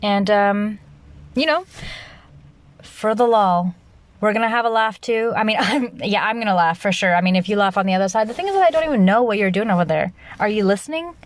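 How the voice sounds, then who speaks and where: Loud, rambling young woman podcaster. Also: mid-range voice, fairly quick, no room sound. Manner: rambling, restarts often, laughs at herself; loud, animated delivery. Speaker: podcast host. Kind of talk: casual solo monologue.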